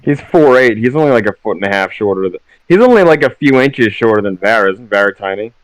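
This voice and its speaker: A man's voice: fairly low pitch, expressive, quick pace, no room sound, poor audio. A man playing a tabletop game, chatting casually with a cheeky, crude manner. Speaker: player. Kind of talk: casual chat.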